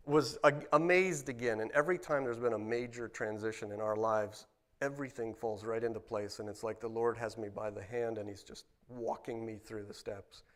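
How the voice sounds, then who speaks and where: A middle-aged man from Ohio giving a personal testimony at a church service, rambling with restarts and fillers, and growing animated at exciting moments. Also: on the low side. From Ohio, United States. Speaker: guest speaker at church service.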